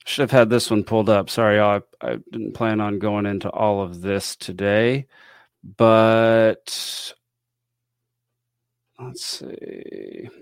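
A man's voice: lowish voice, animated, slow pace, vocal fry, clear, resonant tone, dry recording, clean studio sound. A man hosting a podcast, talking casually in a rambling, wry way with frequent ums and chuckles. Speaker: podcast host. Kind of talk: casual commentary.

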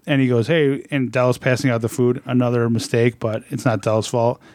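Dude telling office stories, blunt, swears a lot, mid voice, dry sound. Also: male voice, medium pitch, moderate pace, no room sound. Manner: blunt, swears, deadpan storytelling. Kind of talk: casual storytelling.

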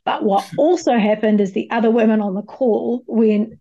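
A woman's voice: on the high side, steady tone, moderate pace, warm tone, highs cut off. A woman with a New Zealand accent, speaking frankly and expressively as a podcast guest and coach, with some casual swearing. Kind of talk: candid podcast conversation.

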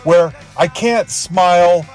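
Eager podcast host, slightly high voice. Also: male voice, slow pace, a little mellow, faint music behind. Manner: enthusiastic, fan-like, repeats himself. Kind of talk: scripted podcast intro.

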